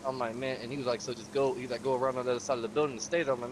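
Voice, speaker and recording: A man's voice: mid-range voice, fairly even intonation, rapid-fire, noisy background. A man casually recounting a game session, profane and streetwise, acting out the quotes of other players. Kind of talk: casual storytelling.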